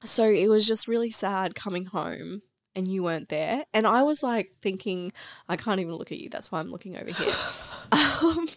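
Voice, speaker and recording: A woman's voice: medium pitch, expressive, normal speed. Middle-aged woman, podcast co-host and mother, casual chat, tearful with laughter. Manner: tearful, laughing through crying.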